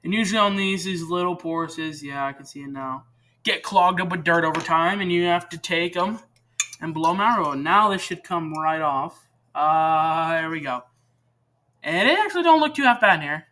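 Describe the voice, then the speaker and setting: Teen male host, fairly high and bright, rambling chatty tutorial at his workbench, faint tool clatter behind. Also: normal speed, a little hiss or hum. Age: teens. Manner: rambling, chatty, corrects himself often. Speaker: channel host demonstrating repair. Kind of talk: casual how-to demonstration.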